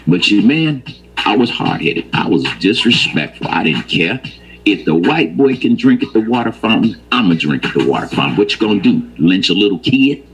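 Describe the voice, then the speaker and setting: A man's voice: lowish voice, sing-song, moderate pace, slightly rough, faint music behind, low-quality recording. Heated older man. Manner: profane, emphatic, rises to heated preaching. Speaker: storyteller. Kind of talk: casual storytelling rant.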